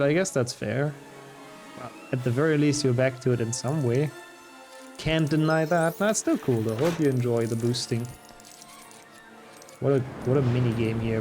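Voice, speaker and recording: A man streaming a video game in a relaxed, chatty way, reading out his viewers' messages and answering them as he plays. He talks at an ordinary pitch for a man, and faint game music plays softly behind him. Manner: reads and answers chat while playing, relaxed and chatty. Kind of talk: casual live-stream chat over gameplay.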